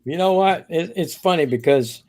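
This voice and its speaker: A man's voice: on the high side, normal speed, darkish tone. A man with a Cajun-tinged East Texas accent, chatting easily on a live stream and laughing often. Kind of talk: casual chat. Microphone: new microphone.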